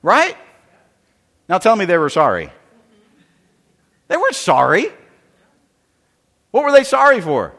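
A man's voice: high-pitched, huge pitch swings, unhurried, pauses often, fairly bright tone. A man preaching a sermon, explaining scripture verse by verse and often repeating and restarting his phrases. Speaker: pastor. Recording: long reverb of a large hall.

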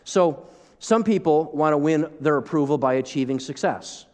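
A man's voice: on the high side, normal speed. A man preaching a sermon as pastor, talking in a conversational way with asides to the congregation. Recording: long reverb of a large hall.

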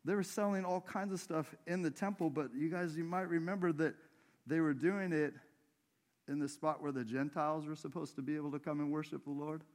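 A man's voice: a little high, fairly even intonation, a little fast. A man preaching a sermon in a church, in a conversational way, putting questions to the congregation. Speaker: pastor.

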